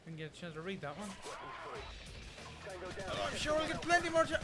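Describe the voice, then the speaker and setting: A man commentates his own shooter gameplay, lurching from low, drawn-out grumbles to high, sudden yells of frustration and swearing. His voice sits high and swings wildly. Game music plays clearly behind him, with gunfire in the mix. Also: very animated. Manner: swearing, exasperated outbursts and muttered asides. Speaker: gaming YouTuber.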